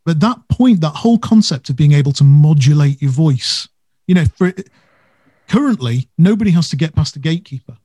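A man's voice: on the high side, lively intonation, fairly quick, dark tone, breathy edge, no room sound. A man co-hosting a casual business podcast, talking animatedly and stressing words for effect. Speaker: podcast co-host.

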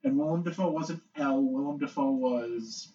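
A man's voice: medium pitch, moderate pace, warm tone. Earnest young male co-host. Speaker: podcast co-host. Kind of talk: casual chat. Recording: distant, dull-sounding mic.

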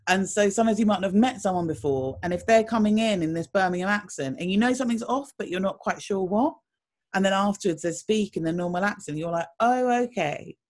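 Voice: mid-range voice, fast talker. A casting director answering interview questions in a thoughtful, rambling way, full of fillers and restarts.

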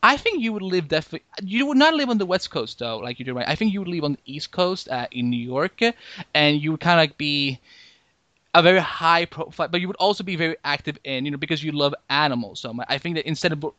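A man's voice: on the high side, animated, fast, bright, forceful tone, dry recording, highs cut off. A man hosting a podcast in casual chat, rambling along with frequent "like" and restarts. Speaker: podcast host.

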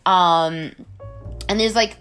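A woman's voice: slow, fairly bright tone, clean tone, faint music behind. A woman casually reviewing a film, incredulous and rambling, filling her talk with "like" and squealing the characters' lines. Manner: incredulous, rambling, heavy use of "like"; acts out characters' lines in squealing high voices. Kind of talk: casual movie review rant.

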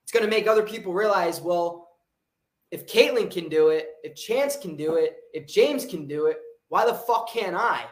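Brief: hype livestream motivator, swears constantly, repeats lines for punch, chats with the comments, mid-pitch voice in a roomy space. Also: expressive, moderate pace. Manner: intense, profane, repetitive hype; stops to read and answer viewer comments. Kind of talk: unscripted motivational pep talk to a live chat. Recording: roomy echoey room.

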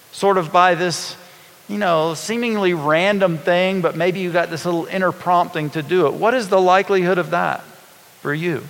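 Pastor in a reverberant church hall. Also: male voice, high-pitched, fairly bright tone. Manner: conversational, folksy, asks the congregation questions. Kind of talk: storytelling sermon.

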